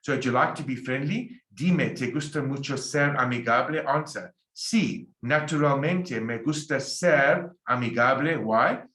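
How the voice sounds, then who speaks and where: A man teaching a Spanish lecture, drilling example sentences slowly and emphatically. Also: medium pitch, a bit bright. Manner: slow, emphatic drilling with repeated example phrases. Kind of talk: recorded language lecture. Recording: echoey room.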